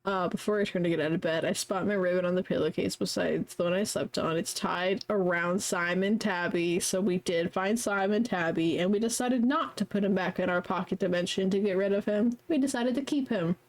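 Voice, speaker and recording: A woman's voice: mid-range voice, a little fast, hardly any pauses. Giggly young woman streaming a game. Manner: casual and giggly, swears freely, reads story text aloud. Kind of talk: live-streamed game commentary.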